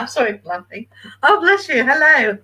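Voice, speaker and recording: A woman working as a medium, giving a reading, emotional and hesitant with many pauses and ums. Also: high voice, sing-song, bright, forceful tone, low-quality recording.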